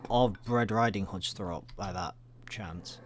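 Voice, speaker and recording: A man's voice: low-pitched, slow pace, slight background noise. A man giving rambling, jokey let's-play commentary, swearing often. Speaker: gaming video creator.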